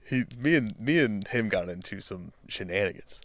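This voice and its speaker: Swearing, animated young man telling a story. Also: on the low side, moderate pace, no room sound. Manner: animated storyteller, swears freely, rises loud when reliving anger. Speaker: podcast co-host. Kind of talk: casual storytelling chat.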